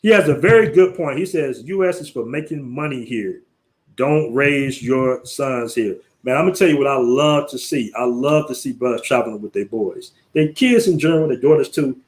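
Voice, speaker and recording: A man's voice: mid-range voice, normal speed, darkish tone. An American man hosting a casual livestream, talking in loose slang and laughing often as he tells stories and reads out viewer messages. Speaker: livestream host. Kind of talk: casual live-stream talk.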